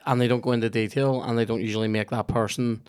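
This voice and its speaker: A man's voice: medium pitch, level tone, fast, a little mellow, smooth. A Northern Irish man hosting a podcast, chatting casually and swearing in jokey banter. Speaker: podcast host. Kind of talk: casual chat.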